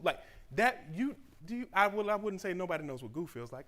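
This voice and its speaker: A man speaking in a slightly higher-than-usual voice. He delivers a motivational graduation address in an animated, conversational way and acts out the voices of people he quotes. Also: a little fast. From Southeast Georgia, USA. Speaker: speaker at a church graduation celebration. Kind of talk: motivational speech.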